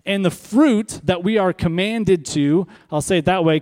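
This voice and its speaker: A man preaching a sermon as pastor, stressing and repeating key words and slowing down for emphasis, speaking in a church sanctuary. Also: high-pitched, a little mellow. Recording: long hall reverb.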